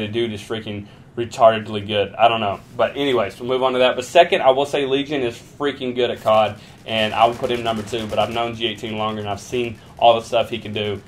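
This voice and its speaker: A man's voice: medium pitch, slight background noise. Rambling young man answering fan questions. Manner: rambling, jokey, swears freely. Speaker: YouTuber answering viewer questions. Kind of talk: casual Q and A vlog.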